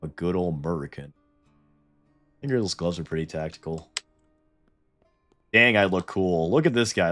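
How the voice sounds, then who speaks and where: A man's voice: low voice, expressive, normal speed, pauses often, fairly bright tone, soft background music. A Canadian man with a Canadian accent, streaming and chatting casually over a game, laughing often and swearing when startled. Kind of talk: casual gameplay commentary.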